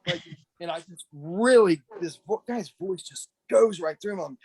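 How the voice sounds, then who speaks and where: A talkative man with a slightly high voice reminisces about an old friend, wandering through his story with restarts and plenty of "you know." He sounds like an ex-wrestler chatting over a video call camera. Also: expressive, moderate pace, dark tone, slightly rough. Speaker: former pro wrestler, podcast guest. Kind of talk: casual memorial reminiscing.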